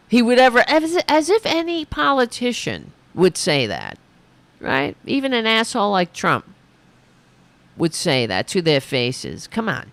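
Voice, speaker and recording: A woman's voice: mid-range voice, very animated, takes it slowly, no room sound. A woman hosting a podcast, giving sarcastic, profane political commentary and mocking what she hears. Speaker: podcast host.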